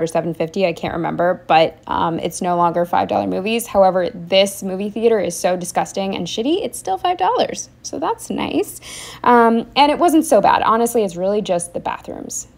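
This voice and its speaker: A woman's voice: fairly low pitch, a little mellow. A young woman talking casually to camera about her week, rambling with lots of fillers and restarts. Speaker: vlogger. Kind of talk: casual diary-style chat.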